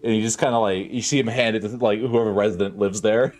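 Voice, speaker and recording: A man's voice: on the low side, fast, a little mellow, a little hiss or hum. A man playing a tabletop role-playing game, describing his character's actions in a loose, rambling way. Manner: rambling, loose, many fillers. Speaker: player. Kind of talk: tabletop role-play narration.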